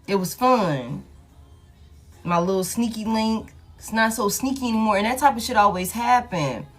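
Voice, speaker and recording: A woman's voice: on the high side, fairly quick. Woman, tarot reader, casual, blunt, swears, repeats herself, faint music behind.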